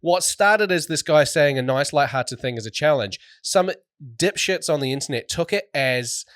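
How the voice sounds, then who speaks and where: A man co-hosting a casual podcast chat, telling stories in an animated, jokey way. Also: a little high, moderate pace, dry recording, studio quality. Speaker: podcast co-host.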